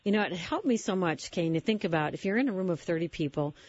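A woman's voice: fairly low pitch, lively intonation, fast talker, darkish tone, dry recording, muffled recording. A woman hosting a Christian radio talk show, speaking in an earnest, reflective way and affirming her guest. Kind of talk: conversational Christian radio interview.

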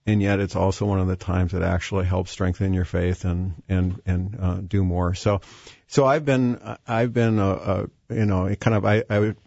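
A man's voice: low voice, fairly even intonation, normal speed, vocal fry, a little mellow, no room sound. A man guest talking about faith in a hesitant way, with many fillers and restarts. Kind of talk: faith-based conversation. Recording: dull, dry lo-fi sound.

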